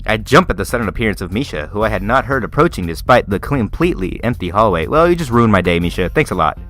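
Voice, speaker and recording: A man's voice: fairly low pitch, expressive, fast, a bit bright, faint music behind. A young man hosting a let's play, reading a visual novel aloud and interrupting with crude, mocking jokes.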